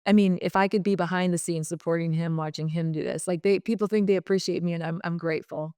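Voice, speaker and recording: A middle-aged woman recounts memories of her family in an emotional, unhurried way, pausing often with fillers and restarts. Her voice sits low and smooth and clear. The sound is dry and close, with no room around it. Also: fairly even intonation, mellow, dry recording. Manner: heartfelt, halting, many fillers and restarts. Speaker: podcast guest. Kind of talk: emotional personal storytelling.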